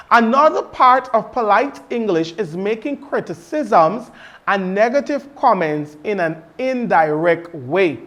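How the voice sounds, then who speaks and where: Slow, deliberate male teacher. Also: high-pitched, fairly bright tone. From Guyana. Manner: deliberate, repeats each example twice; emphatic, asks the class questions. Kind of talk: recorded classroom lesson.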